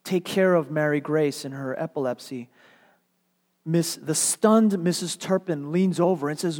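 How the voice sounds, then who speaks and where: A male pastor tells a story in his sermon with dramatic, earnest pacing. His fairly high voice carries through a church sanctuary with a long hall reverb. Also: moderate pace, darkish tone.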